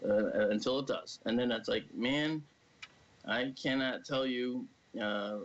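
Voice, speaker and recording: Gravelly man telling a story. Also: mid-range voice. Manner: animated storyteller, acts out quoted voices. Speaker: guest. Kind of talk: casual storytelling on a live stream. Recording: dull lo-fi stream audio.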